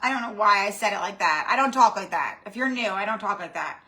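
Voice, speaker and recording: A craft channel host with a medium-pitched, sharp-toned voice talks fast with lively intonation. During her live-stream craft tutorial she rambles chattily and greets viewers by name.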